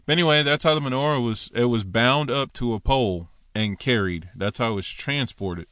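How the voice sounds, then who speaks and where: A man's voice: mid-range voice, brisk, hardly any pauses, no echo. Man giving a dry, conversational Torah teaching. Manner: conversational, with animated quoted asides.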